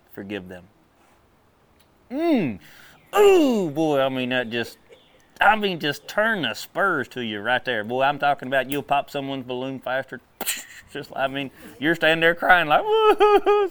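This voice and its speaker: A man preaching a sermon in a folksy, animated way, drawling and then breaking into sudden loud bursts. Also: mid-range voice.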